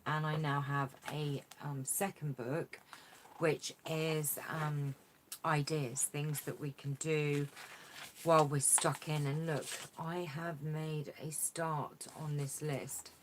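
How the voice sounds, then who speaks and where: A woman with a low voice chats warmly and rambles through a live stream, full of "um"s and gushing reactions. She talks into a tablet's built-in mic at her craft desk at home, with a faint hiss in the background. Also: level tone, slow pace. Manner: chatty, rambling, effusive, many fillers. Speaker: craft vlogger hosting a live chat. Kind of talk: casual live-stream chat. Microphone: tablet camera mic.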